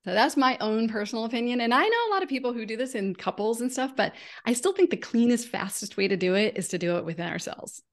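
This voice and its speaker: A woman's voice: a little high, animated, fast talker, hardly any pauses. A woman who is a guest on a podcast, speaking in a reflective way and feeling her way toward the right words. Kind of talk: conversational podcast chat.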